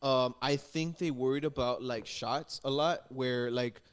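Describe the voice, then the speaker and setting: A man's voice: mid-range voice, steady tone, a little slow, clear, resonant tone. Rambling, swearing man in casual chat. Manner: rambling, many restarts and "like", swears freely. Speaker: podcast cohost.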